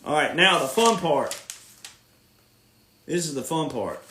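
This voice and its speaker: A man's voice: fairly high pitch, big pitch swings, a little slow, pushed and bright, roomy sound. A man hosting a podcast, ranting casually in an emphatic, sarcastic, lecturing way. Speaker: podcast host.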